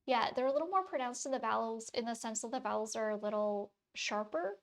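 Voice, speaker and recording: This clip features a woman in her thirties, faint Wisconsin accent, talking casually to her stream viewers while she draws. Her voice sits on the high side with lively intonation and a slightly fast pace. Her talk wanders, full of fillers and false starts.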